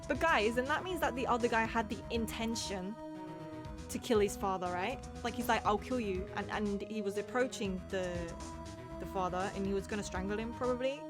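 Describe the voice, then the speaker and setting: A young woman streaming a courtroom game, chatting casually and thinking out loud. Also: mid-range voice, a little fast. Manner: excitable, thinks out loud with many "like"s. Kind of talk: casual let's-play commentary, reading game text aloud. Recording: game music playing clearly behind. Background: game music.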